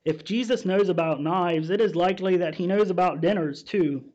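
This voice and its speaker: Guy reading as a humble woman cook talking to herself, slow and thoughtful, high voice, dull recording. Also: a little mellow. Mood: musing. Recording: dull, muffled sound.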